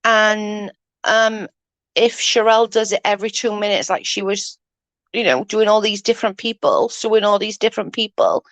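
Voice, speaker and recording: A woman's voice: mid-range voice, steady tone, normal speed, no echo. Woman, casual stream chat, tired and yawning, dry close sound. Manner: chatty, yawning, says "allegedly" often. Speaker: live-stream host. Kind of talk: casual live-stream chat reading comments.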